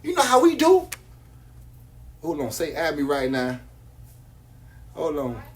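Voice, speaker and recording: A man's voice: a little high, huge pitch swings, takes it slowly, slight background noise. Boastful man hyping on a live stream. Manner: boastful, slangy, repetitive hype. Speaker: live-stream jewelry seller. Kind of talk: casual live-stream hype talk.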